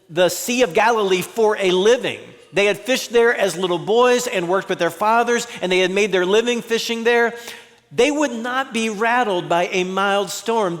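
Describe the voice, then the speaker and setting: A pastor preaches in a relaxed, conversational way and slips into the voices of the people he quotes. His voice is unusually high for a man. It carries with a long reverb, as if in a large sanctuary. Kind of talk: sermon.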